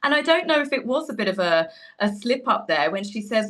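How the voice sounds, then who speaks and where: A woman's voice: a little high, sing-song, fairly quick, a bit bright. A woman, a pundit giving opinionated commentary in a mocking, incredulous way.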